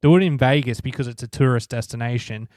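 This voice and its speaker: A man's voice: medium pitch, fast talker, a little mellow, no echo, studio quality. A man co-hosting a casual motorsport podcast, blunt and opinionated, swearing as he argues. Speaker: podcast co-host. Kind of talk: casual sports chat.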